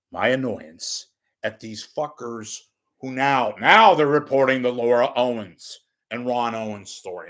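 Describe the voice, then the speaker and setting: An older man ranting at home in a rambling, profane, wisecracking monologue, swinging between loud bursts and muttered asides. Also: mid-range voice. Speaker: media commentator. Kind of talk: off-the-cuff monologue.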